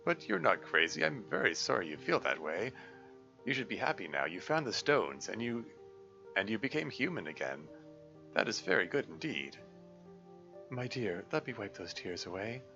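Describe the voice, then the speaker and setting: A kindly old king reassures in a low, gentle voice, as a man puts him on. The voice is slightly gravelly, with a bright edge. The recording is a bit dull, with game music faintly behind. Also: sing-song, normal speed, full character voice.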